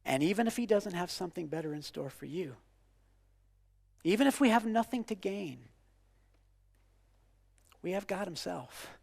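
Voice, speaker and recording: A man in his forties preaching a sermon with passion, repeating phrases and swinging from loud declarations to hushed, quiet lines. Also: sits high, animated, moderate pace, gravelly, pauses often, in a large hall. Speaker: pastor.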